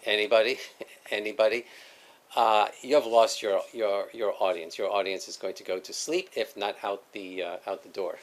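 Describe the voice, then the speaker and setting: A man hosting an educational talk show, talking in a relaxed, halting way with frequent fillers and restarts and easy laughter. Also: fairly low pitch. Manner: hesitant, many fillers and restarts, laughs often. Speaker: host. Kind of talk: casual educational discussion.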